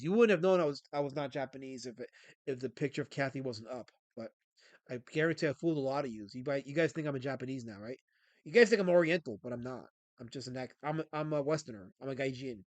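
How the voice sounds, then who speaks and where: A man's voice: medium pitch, fast talker, darkish tone, no room sound. A man with a scratchy throat, hosting a livestream and chatting, rambling and joking with viewers. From Pennsylvania. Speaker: livestream host. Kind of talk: casual livestream chat.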